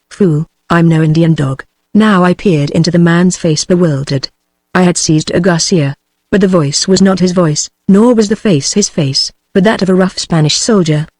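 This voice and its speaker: A text-to-speech woman's voice with a British English accent, reading a novel aloud at a steady, even pace. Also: lowish voice, no room sound. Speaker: audiobook narrator.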